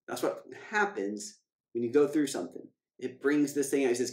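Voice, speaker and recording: A man's voice: medium pitch, a little mellow. Emphatic man teaching scripture, echoey room. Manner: emphatic, repeats key phrases, slows down to read scripture. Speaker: financial coach.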